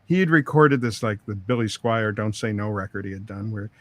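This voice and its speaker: Here a middle-aged record producer with a fairly low voice talks fairly quickly. Appearing as an interview guest, he rambles through lengthy studio anecdotes, quoting plenty of dialogue along the way.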